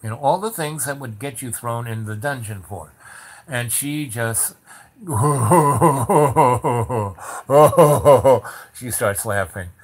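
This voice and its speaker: A man telling a long anecdote in a loose, rambling way, with many fillers and restarts and lively bits where he acts out the people in it. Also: medium pitch, moderate pace, breathy edge. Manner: animated, acts out the voices of people in the story. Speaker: storyteller. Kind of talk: casual spoken anecdote.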